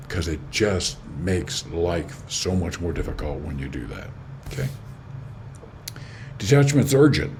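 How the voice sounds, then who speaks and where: Male host, very low voice, measured spiritual commentary, faint hiss behind. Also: a little mellow. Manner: unhurried, emphatic, frequent "okay?" checks with listener. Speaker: host of a spiritual teaching channel. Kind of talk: reflective spoken commentary on quoted teachings.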